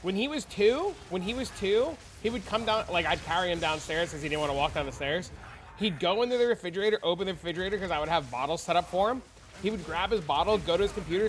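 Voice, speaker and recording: A man with a high, fairly bright voice chats casually on a game stream, loose and profane, telling stories with animation. He's a father of young kids, and slight background noise can be heard.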